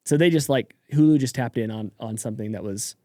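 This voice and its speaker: Mellow-voiced man co-hosting a podcast. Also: mid-range voice, a little fast, dry recording, clean studio sound. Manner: opinionated, drops to quiet asides. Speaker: podcast co-host. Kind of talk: casual chat.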